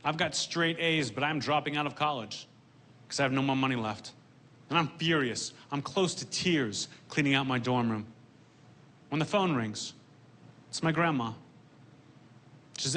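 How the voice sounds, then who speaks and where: A man performing a stand-up comedy set onstage, with a deadpan delivery. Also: mid-range voice, normal speed, long pauses. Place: stage before a live audience.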